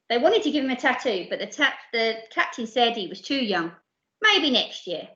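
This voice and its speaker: A woman reading a children's picture book aloud, lively and putting on voices for the characters. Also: fairly high pitch, moderate pace, roomy sound, muffled recording. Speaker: storyteller.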